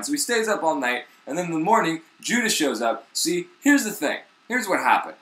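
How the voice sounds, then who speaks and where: A young man rambles through a story in loose slang and plenty of swearing, his fairly high voice bright and bouncing around in pitch. He is recorded in an echoey room. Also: very animated, a little fast. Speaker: host. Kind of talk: casual comedic retelling.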